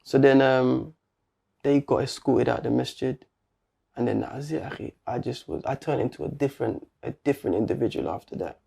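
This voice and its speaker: A British-accented interview guest recounts a personal story in slangy street talk, performing the dialogue as he goes. He speaks briskly in a mid-range voice with a dark tone, vocal fry, and a breathy edge.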